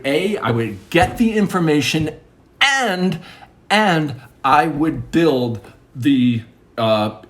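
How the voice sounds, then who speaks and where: A man telling a long stand-up story on stage, rambling and mocking himself as he acts out the people in it. His voice sits a little high and swings widely in pitch. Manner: animated, rambling and self-mocking, acting out quoted voices. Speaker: stand-up comedian.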